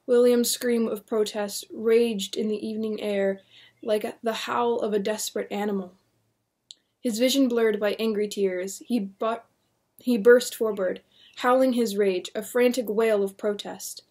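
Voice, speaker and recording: A woman reading a horror novel aloud in a steady, measured narration. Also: mid-range voice. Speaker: audiobook reader.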